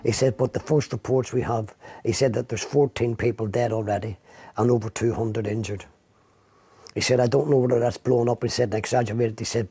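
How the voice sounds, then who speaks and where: A man's voice: mid-range voice, warm tone, slightly rough, dry recording. A man giving documentary testimony about his arrest, vividly acting out what others said to him. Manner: vivid storytelling, acts out quoted speech. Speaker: interviewee recounting his arrest.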